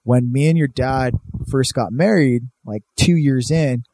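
A man's voice: medium pitch, measured pace, warm tone, dry recording. A young man from California, telling a rambling, profane story in casual chat and saying "dude" a lot.

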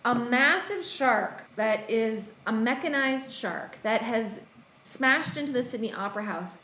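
Woman, slow-paced, slightly high voice, rambling film recap, echoey room. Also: animated, a bit bright, a little hiss or hum. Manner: rambling with many ums and quoted asides. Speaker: podcast co-host recapping a film. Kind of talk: casual chat.

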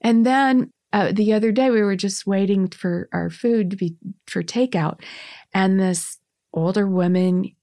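A woman's voice: mid-range voice, unhurried, warm tone, dry recording, studio quality. A woman in her sixties telling stories as a guest in casual conversation, chatty and laughing often, with many restarts. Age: 60s.

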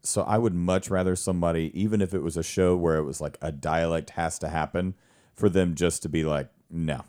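Deep-voiced man telling animated stories. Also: brisk. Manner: animated storyteller, laughs often. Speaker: stage actor and director. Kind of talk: casual conversation.

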